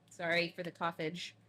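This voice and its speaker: A woman's voice: lowish voice, fairly bright tone, slight background noise. A woman streaming a game from home, chatty and laughing often, her throat sore from smoke allergies. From Canada. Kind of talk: casual let's play chat.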